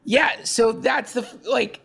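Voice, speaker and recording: A man's voice: extremely high pitch, a little slow, gravelly, a bit bright, husky. A man in his forties hosting a podcast, chatting loosely and jokingly. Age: 40s. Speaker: podcast host. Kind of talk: casual chat.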